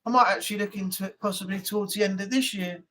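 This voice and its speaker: A man's voice: high-pitched, fairly even intonation, fast talker, sharp tone. Rambling English man chatting. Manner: rambling, storytelling, blunt. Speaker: live chat host. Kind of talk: casual live-stream chat.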